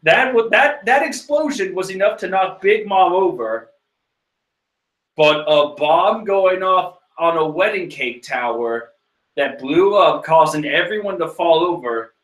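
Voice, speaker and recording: A man's voice: high-pitched, expressive, unhurried, fairly bright tone. A man casually reading through a manga chapter and rambling with joking asides. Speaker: manga reader host. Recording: echoey room.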